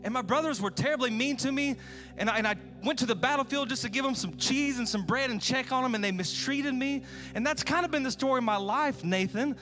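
Man doing a defensive biblical king, self-pitying, hushed low pleading. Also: brisk, soft background music.

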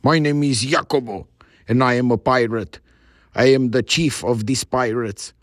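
A man's voice: mid-range voice, steady tone, moderate pace, no echo, clean studio sound, natural voice. A man voicing a jovial, stocky male pirate chief in a spoken story, hearty and boastful.

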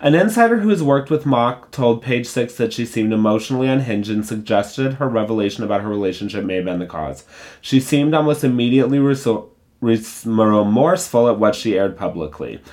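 A man's voice: mid-range voice, animated, fairly quick, a little mellow. A man who reads a gossip article aloud, then gives his candid, opinionated take in a casual, conversational way. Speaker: pop culture commentator.

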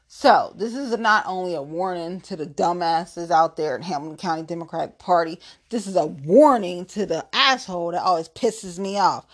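Profane, tipsy woman ranting on a podcast. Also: lowish voice. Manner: profane, threatening, blunt. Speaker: podcast host. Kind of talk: angry solo podcast rant.

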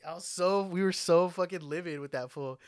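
A young man casually telling a wild party story, animated and full of slang and swearing, on a close mic. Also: high-pitched, brisk, smooth, no echo.

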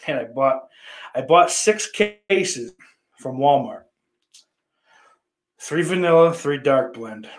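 A man streaming live and talking loosely to his chat. He rambles from one thing to the next, swears freely and jokes around at a middling pitch. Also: animated, measured pace, long pauses. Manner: rambling, profane, loose and joking. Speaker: livestream host.

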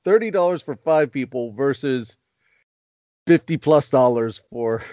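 A man's voice: medium pitch, lively intonation, a little slow, warm tone, no echo, dull audio. A man hosting a podcast, talking casually and rambling with restarts. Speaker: podcast host.

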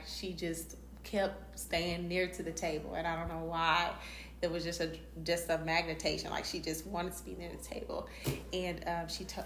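A woman with children, telling faith stories in casual chat, acting out quotes with lively swings. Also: on the low side. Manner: animated storyteller, acts out quotes. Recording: roomy echo, faint background noise.

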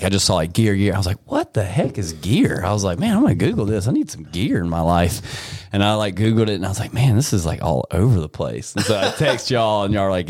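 A man co-hosting a casual podcast, telling stories in an animated way and laughing often. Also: deep voice, dry recording, studio quality. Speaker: podcast co-host.

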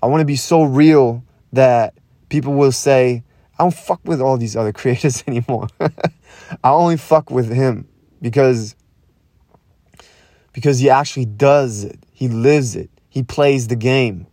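A young man hosting a podcast, talking in a raw, intense monologue that swears a lot, repeats itself and pauses to breathe. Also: mid-range voice, dark tone, no echo, studio quality. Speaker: podcast host.

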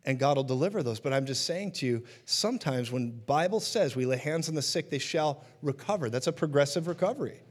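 A man's voice: a little high, expressive, brisk, hardly any pauses, husky. A man preaching a sermon in a conversational teaching manner, often checking in with his listeners.

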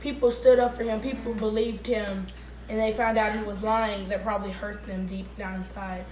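A woman's voice: mid-range voice, moderate pace, reverberant, a little hiss or hum, low-quality recording. A teenage girl on a talk show panel, speaking animatedly about school and friends. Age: teens. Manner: animated, mimicking others. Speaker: panel guest. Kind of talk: casual group discussion.

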